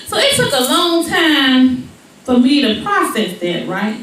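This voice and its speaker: Woman in her 40s, stand-up comedian, animated storytelling, high bright voice, echoey hall, distant mic. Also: a little slow. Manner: animated, rhythmic storytelling with repeated asides. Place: comedy venue. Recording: echoey venue from far off.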